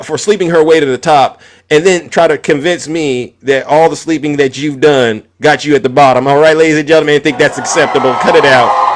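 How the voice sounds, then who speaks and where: A man giving heated political commentary as a live host, repeating words as he builds his point and mocking his opponents. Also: mid-range voice.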